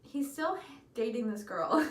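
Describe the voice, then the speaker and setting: A woman's voice: a little high, animated, a little slow, reverberant. A young woman casually telling a story while doing her makeup, candid and giggly, swearing freely. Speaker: beauty vlogger.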